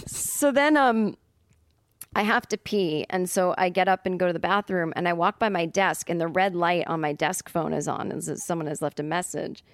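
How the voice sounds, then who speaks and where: A woman comedian spins a casual, rambling story as a podcast guest. She circles back with fillers and self-corrections. Her voice sits a little low and the sound is dry and close. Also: normal speed, dry recording.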